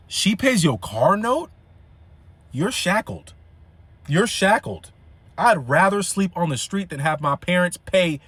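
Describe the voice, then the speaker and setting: A young man tells a story to the camera in a high, lively voice full of slang and fillers. His pitch bounces around constantly, and the sound is close and dry. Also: slightly rough, no echo. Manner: animated, slangy, frequent fillers. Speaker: vlogger. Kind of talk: casual storytelling.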